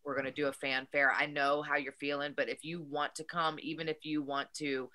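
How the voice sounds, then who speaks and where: A woman wrestler, a guest on a talk show, speaking earnestly and warmly in casual chat. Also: deep voice, flat delivery, brisk. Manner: earnest, heartfelt.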